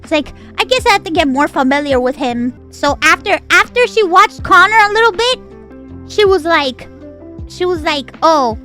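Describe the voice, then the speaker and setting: Giggly, dramatic woman streamer with a high voice, chatting casually over faint music. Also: moderate pace. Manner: animated and giggly, with dramatic outbursts. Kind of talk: casual livestream chat.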